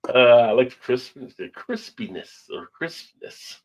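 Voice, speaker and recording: A man's voice: mid-range voice, very animated, slow, rough recording. A man hosting a casual chat show, reading viewer comments aloud, rambling and laughing often. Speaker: show host.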